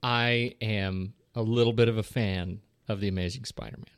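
A man's voice: on the low side, steady tone, moderate pace, smooth, dry recording, studio quality. A man co-hosting a casual film podcast, enthusiastic and joking, with frequent restarts. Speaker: podcast co-host.

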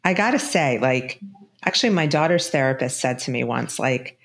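Low-voiced woman, animated storyteller. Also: a little fast. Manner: animated storyteller, filler-heavy. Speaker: guest, divorce specialist and author. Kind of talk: casual podcast conversation.

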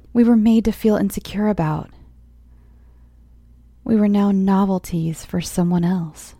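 A woman narrating a first-person horror story in a measured way, often dropping to a tense whisper. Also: on the low side, vocal fry, dark tone, dry recording. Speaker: audiobook narrator.

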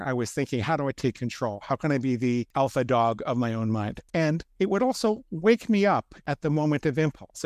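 A man in his fifties, a guest author, telling his story in a brisk, self-deprecating way. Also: a little high, no room sound, clean studio sound. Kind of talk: storytelling interview talk.

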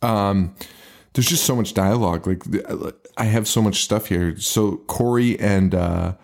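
A man's voice: lowish voice, measured pace, creaky. A man co-hosting a podcast, laughing a lot and swearing as he retells scenes. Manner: laughs often, profane, animated retelling. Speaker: podcast co-host. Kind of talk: casual podcast chat.

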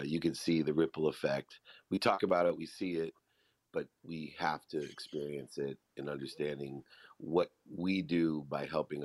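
A man from San Diego moderating a casual group chat, earnest and halting with fillers, speaking into a phone app. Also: extremely low pitch, no echo, studio quality. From San Diego, California. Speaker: room moderator.

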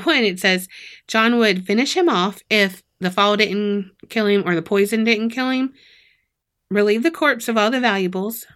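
A woman's voice: medium pitch, fairly bright tone. A woman with a Southern American accent co-hosts a podcast and tells a crime story in casual chat. She laughs often and slips into voices to act out what people said. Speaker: podcast co-host.

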